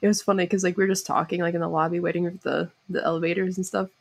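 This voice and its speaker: A young woman with a Minnesotan accent talks casually, with frequent laughs and hesitant fillers. Her voice has lots of gravelly fry and a husky edge. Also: fairly low pitch, level tone, racing. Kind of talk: casual chat.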